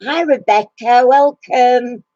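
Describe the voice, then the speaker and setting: Woman, casual live chat host, husky voice, slow unhurried talk, dry dull lo-fi stream sound. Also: on the high side, warm tone, no echo. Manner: chatty, laughs often, coos baby talk to her dog. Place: home, sitting in a recliner.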